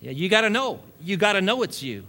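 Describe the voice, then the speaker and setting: A man's voice: high-pitched, sing-song, fairly quick, pushed and bright. A male pastor preaching a sermon to a congregation, building long repeated lists and chuckling often between points.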